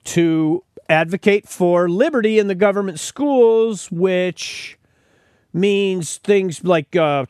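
A man's voice: high voice, clean tone, no echo, studio quality. A man hosting a podcast, delivering emphatic opinionated commentary and often repeating words as he starts sentences. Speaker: podcast host.

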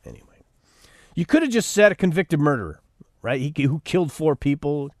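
A man's voice: fairly high pitch, sing-song, fairly quick, no echo, clean studio sound. A man hosting an opinionated news commentary show, sarcastic and preachy, rising to fiery outbursts. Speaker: radio host.

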